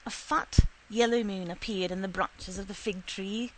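A woman reading a short story aloud in a steady, unhurried storytelling manner. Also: mid-range voice, low-quality recording. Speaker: reader.

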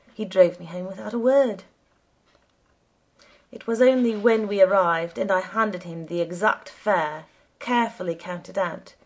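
A woman narrating a story as an audiobook reader, with measured storytelling and lively quoted voices. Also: fairly low pitch, creaky, breathy edge.

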